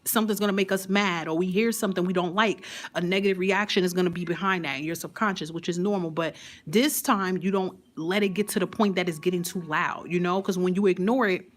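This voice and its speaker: A woman's voice: fairly low pitch, fairly even intonation, quick pace. Chatty, slangy woman card reader. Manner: chatty, laughing, slangy and emphatic. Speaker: tarot and affirmation card reader. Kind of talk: casual live reading chat.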